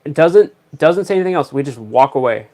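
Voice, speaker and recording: A man's voice: fairly high pitch, expressive, fairly quick, a little mellow. A young man, chatting on a casual livestream, rambling through stories with dry, joking asides. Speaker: live streamer.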